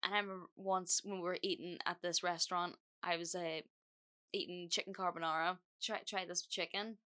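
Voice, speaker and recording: A woman's voice: lowish voice, little pitch movement, a little fast, sharp tone, clear, resonant tone. A young woman hosting a podcast, telling a breakup story in a casual, frank way that is full of swearing and fillers. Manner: chatty, frank, swears freely, many fillers. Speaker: podcast host.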